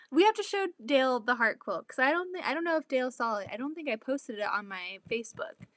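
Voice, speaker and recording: A woman chatting excitedly and a bit out of breath while showing quilts from her home sewing room, speaking into her laptop. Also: high voice, a little fast, no echo. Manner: chatty, excitable, laughs often. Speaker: quilting channel host. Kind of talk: casual livestream chat.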